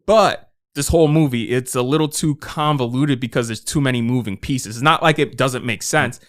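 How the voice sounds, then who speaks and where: A man talks through a film review on a podcast at a mid pitch. He is casual and profane, and he jumps into quick acted-out reactions. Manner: animated, profane, acts out his own reactions. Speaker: podcast co-host.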